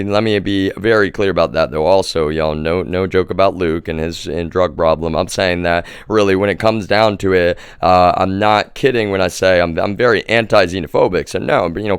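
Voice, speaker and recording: A man's voice: deep voice, fairly bright tone, clear, resonant tone, dry recording, studio quality. A man livestreaming an angry, profane monologue and calling his viewers "y'all". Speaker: livestream host. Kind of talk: live stream monologue.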